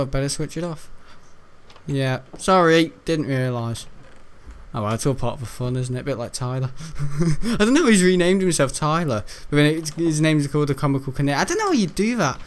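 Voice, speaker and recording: A British man rambling through casual gaming commentary, chuckling often and jumping up in pitch when he's incredulous. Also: clear, resonant tone. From United Kingdom. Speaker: gaming YouTuber.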